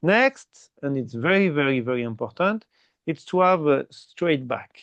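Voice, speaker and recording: A man teaching meditation in slow, simple English with small grammar slips, checking in often with "okay?". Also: fairly high pitch, expressive, a bit bright, dry recording, highs cut off. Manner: explains slowly and repeatedly, ending phrases with "okay?". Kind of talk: guided meditation instruction.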